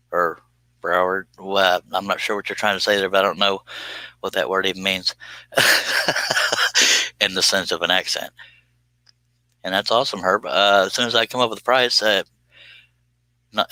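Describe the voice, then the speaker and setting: A man's voice: deep voice, sharp tone, no echo, rough recording. A man hosting a livestream, chatting casually with viewers as he works, folksy and joking. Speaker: livestream host answering chat. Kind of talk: casual livestream chat while working.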